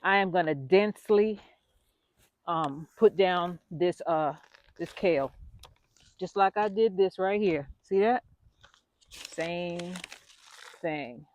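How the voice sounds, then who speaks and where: A woman's voice: on the low side, takes it slowly, pauses often. A woman vlogging casually while she works in her garden outdoors, chatty and self-deprecating, out of breath.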